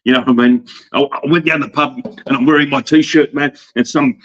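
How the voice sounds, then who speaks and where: A man's voice: medium pitch, steady tone, brisk, highs cut off. Tipsy, rambling Australian man. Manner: rambling, profane, boastful storytelling. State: a little drunk. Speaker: wrestling promoter and wrestler. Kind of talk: casual podcast interview.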